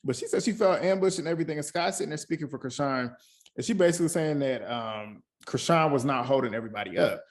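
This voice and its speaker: A man hosting a casual reality TV review chat, talking in an animated, gossipy way, laughing often and mimicking the cast. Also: fairly high pitch, quick pace. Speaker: host.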